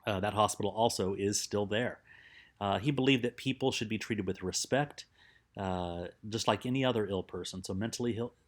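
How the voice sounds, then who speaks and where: A man's voice: on the low side, moderate pace. A man teaching a recorded psychology lecture in a conversational way, with many fillers and restarts.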